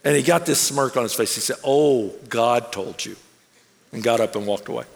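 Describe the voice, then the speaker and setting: A man preaching a sermon, telling a personal story in an animated way and acting out the people he quotes. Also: mid-range voice, quick pace, creaky. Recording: long reverb of a large hall.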